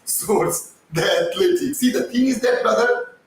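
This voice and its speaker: A man hosting a casual live stream, his voice strained and croaking as he chats and reads out viewer comments. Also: very high-pitched, very animated, measured pace, heavy reverb, far from the mic, a little hiss or hum, poor audio. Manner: chatty, reads viewer comments, many fillers and restarts.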